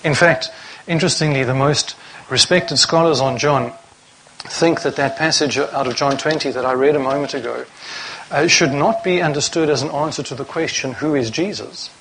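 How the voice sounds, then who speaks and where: A man's voice: on the high side, moderate pace, fairly bright tone, rough recording. Man, preacher, sermon, scripture reading, rhetorical questions, faint background hum. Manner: reads scripture aloud, asks rhetorical questions.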